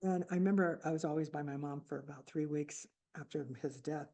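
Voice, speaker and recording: Reflective older woman, low mellow voice. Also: fairly even intonation, vocal fry. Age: 70s. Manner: reflective, halting, with restarts. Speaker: author speaking at a book fair. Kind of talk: personal storytelling talk.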